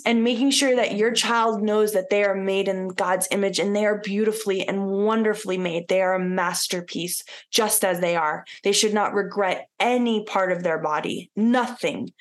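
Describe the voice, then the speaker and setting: A woman co-hosting a podcast, talking in an earnest, heartfelt casual chat with many "like" fillers. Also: medium pitch. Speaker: podcast co-host.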